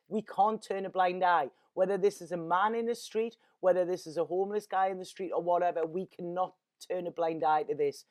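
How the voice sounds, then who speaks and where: A woman's voice: fairly low pitch, a little mellow. A woman, a tarot reader talking in an earnest, rambling, emotional way and often repeating her words. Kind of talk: casual spiritual monologue.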